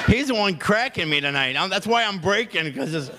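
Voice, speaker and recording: A man doing a stand-up routine on a comedy club stage, often breaking up laughing at his own jokes. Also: very high-pitched. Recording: noisy live club recording.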